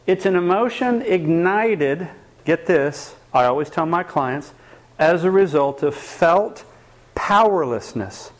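A man's voice: on the high side, slow pace. A man giving a live talk on anger to an audience, asking them questions and acting out what people say. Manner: lively, asks the audience questions, acts out quoted voices. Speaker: speaker teaching a workshop on anger.

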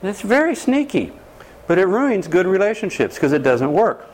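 A man's voice: high voice, moderate pace, a little hiss or hum. A man speaking as a counselor, lecturing an audience, acting out quoted voices and putting questions to the listeners. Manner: animated, acts out quoted voices, quizzes the audience.

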